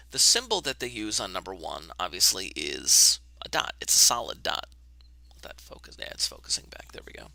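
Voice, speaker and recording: A male math teacher explains algebra to his online class in a loose, chatty way, muttering to himself as he sets things up. His voice is gravelly and very bright, and his pitch moves around a lot, recorded on a webcam. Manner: casual, talks to himself while setting up camera.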